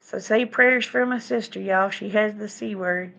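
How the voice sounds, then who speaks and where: A middle-aged woman chatting with her viewers on a live stream from home, folksy and quick to laugh. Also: medium pitch, gravelly, a bit bright. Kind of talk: casual chat with viewers. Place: home, indoors.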